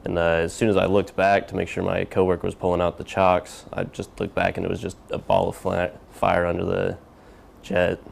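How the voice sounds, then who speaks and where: A man's voice: low-pitched, monotone, a little fast, gravelly, slight background noise. A man, an airman, steadily recounting an incident in an interview. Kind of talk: interview recollection.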